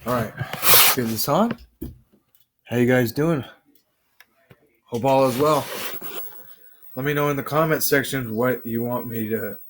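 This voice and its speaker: A young man from the US rambles to his viewers from his bedroom, unhurried and slow. His pitch sits in a plain middle range, and he talks in a loose, chatty way. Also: a bit bright, slight background noise. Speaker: vlogger. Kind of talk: casual home vlog, gameplay chat.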